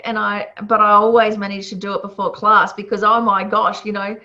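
A woman's voice: fairly high pitch, pushed and bright. A woman teaching a class in a chatty, casual way, laughing often and using many fillers. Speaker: Buddhist teacher. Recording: muffled lo-fi recording.

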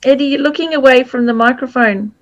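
A woman's voice: sits high, lo-fi sound. Hesitant woman in a group discussion. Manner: hesitant and halting, many ums. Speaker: group participant.

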